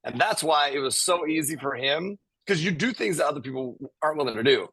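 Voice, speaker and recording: A man's voice: a little high, animated, brisk, gravelly, bright, forceful tone, husky, dry recording, rough recording. A man hosting a podcast, chatting casually with his guest and calling him "bro" and "dude". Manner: laid-back, says "bro" and "dude", swears casually. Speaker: podcast host. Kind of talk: casual interview chat.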